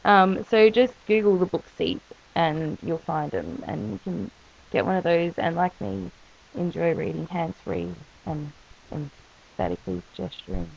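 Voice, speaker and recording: A woman's voice: fairly low pitch, lively intonation, a little slow, creaky, darkish tone, slight background noise. Woman rambling in her video diary, voice swoops up and down, dull lo-fi webcam sound. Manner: chatty, self-mocking, jokey asides. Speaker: vlogger sharing her illness story.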